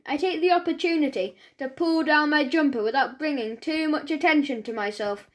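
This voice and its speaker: A woman's voice: high-pitched, moderate pace, hardly any pauses. A woman narrating a children's audiobook in a chatty first-person voice, telling the story as a schoolboy.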